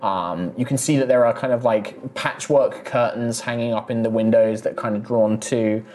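A man's voice: mid-range voice, steady tone, normal speed, a little mellow. Man narrating a tabletop game. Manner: loose, descriptive, lots of fillers. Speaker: game master.

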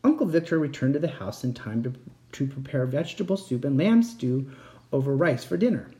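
A man reading a children's chapter book aloud in a lively storytelling way. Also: mid-range voice, fairly quick. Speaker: audiobook reader. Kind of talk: scripted narration.

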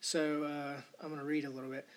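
A man's voice: a little high, flat delivery, fairly quick. A man hosting a podcast, delivering a rambling, indignant solo rant full of profanity. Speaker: podcast host. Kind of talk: ranting solo podcast monologue.

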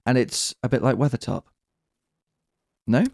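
A man hosting a casual podcast chat, lively and acting out quoted lines in little voices. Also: medium pitch, measured pace, vocal fry, dry recording, studio quality. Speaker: podcast host.

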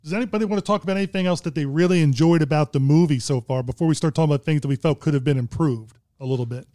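A man's voice: on the high side, very fast, dark tone, no room sound, studio quality. A man guiding a casual movie discussion, talking in a rambling, chuckling way.

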